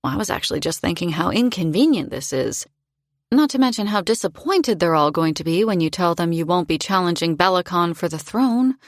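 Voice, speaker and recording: A woman narrating a fantasy audiobook in first person, with a measured, expressive reading. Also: fairly low pitch, no room sound, studio quality.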